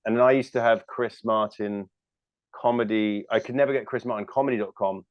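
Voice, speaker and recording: A man's voice: lowish voice, fairly even intonation, brisk, no echo, muffled recording. A British man in his thirties, a comedian chatting as an interview guest, rambling and self-deprecating with lots of fillers and restarts. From United Kingdom. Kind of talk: casual interview chat.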